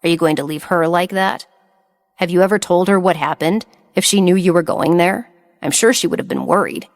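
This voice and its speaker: A woman's voice: on the low side, brisk, no echo, clean studio sound, lightly acted. A woman reading the lines of a blunt, teasing male executive in an audiobook. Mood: stern. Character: cocky flirtatious male executive boss.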